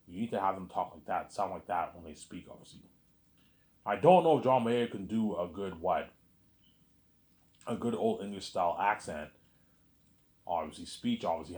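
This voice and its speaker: Late at night, a low-voiced man vlogs a rambling monologue, repeating himself, starting sentences over, and saying "obviously" again and again.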